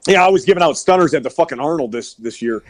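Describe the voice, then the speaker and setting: A middle-aged powerlifter guesting on a podcast, telling rowdy, profane stories and laughing often over a remote call that breaks up. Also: male voice, fairly high pitch, animated, fast, no room sound. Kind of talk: casual storytelling.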